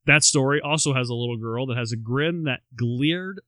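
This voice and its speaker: A man's voice: medium pitch, moderate pace, sharp tone, no echo. Man telling a story with dry asides. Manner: reads quotes aloud with wry asides. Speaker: podcast co-host. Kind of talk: storytelling chat.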